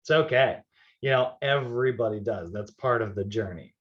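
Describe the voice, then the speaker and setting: A man's voice: on the low side, fairly quick. Male fitness instructor, casual lecture, chatty with filler words, slightly dull recording. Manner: casual, chatty, many fillers, laughs easily. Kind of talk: classroom lecture.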